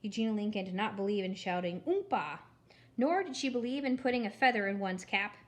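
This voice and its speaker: A woman narrating a children's storybook in an expressive, wry reading voice. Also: medium pitch, quick pace. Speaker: storybook reader.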